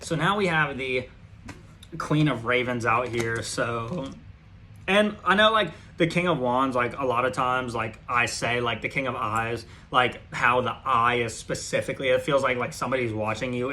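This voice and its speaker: A man's voice: mid-range voice, normal speed, sharp tone, slight background noise. A man giving a casual tarot reading, talking loosely and swearing often, with many fillers and restarts. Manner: loose and profane, heavy with fillers. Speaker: tarot reader.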